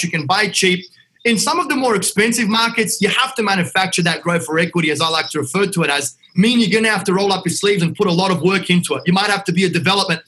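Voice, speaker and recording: An Australian man with a high, bright, forceful voice speaks bluntly in a casual podcast chat. He talks like a confident real estate investor guest, punchy and raw, calling the host "mate" every few lines.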